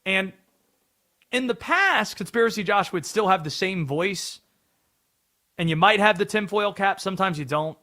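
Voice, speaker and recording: A man's voice: high-pitched, lively intonation, moderate pace, pauses often, pushed and bright. A man from North Carolina hosting sports talk radio, chatty and wry as he explains the bit.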